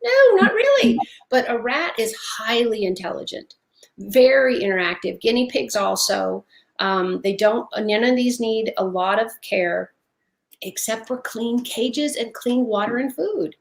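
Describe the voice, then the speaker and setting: A middle-aged woman, a guest in a casual interview, telling lively stories and laughing often. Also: fairly high pitch, unhurried, gravelly. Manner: animated storyteller, laughs often.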